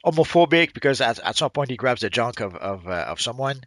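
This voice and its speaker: A man's voice: mid-range voice, sing-song, a little fast, fairly bright tone, dry recording. Hesitant man with a Quebec French accent. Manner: hesitant, lots of uh and restarts, dry teasing. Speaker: stream host. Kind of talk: casual live-stream chat.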